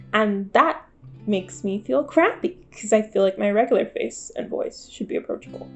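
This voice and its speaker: A woman's voice: mid-range voice, lively intonation, moderate pace, vocal fry. Candid self-deprecating woman vlogger. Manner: confessional, self-deprecating, wry. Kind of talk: candid talking-to-camera vlog. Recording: faint guitar music behind.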